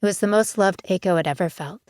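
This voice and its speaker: A woman narrating an audiobook in a steady, even scripted reading. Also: fairly low pitch, fast, no room sound. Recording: dry close studio sound.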